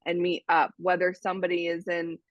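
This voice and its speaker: A woman's voice: on the low side, completely flat delivery, brisk, no echo. Chatty American woman on a dull line. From United States. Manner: chatty, storytelling, many restarts. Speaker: guest, dating site member. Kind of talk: casual interview chat. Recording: dull, dry lo-fi sound.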